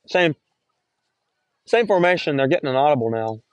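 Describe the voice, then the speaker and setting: Young man, play-by-play announcer, outdoor game, phone mic, self-correcting, higher voice. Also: moderate pace, clean tone. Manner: rambling, self-correcting, rising excitement on big plays. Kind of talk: casual high school football commentary. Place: outdoors at a cold football game.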